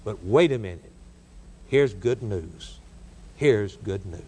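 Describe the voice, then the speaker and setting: A man preaching a sermon, telling stories dramatically and building cadenced lists, with big swings in pitch and pace. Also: lively intonation, slow, dark tone, slightly rough.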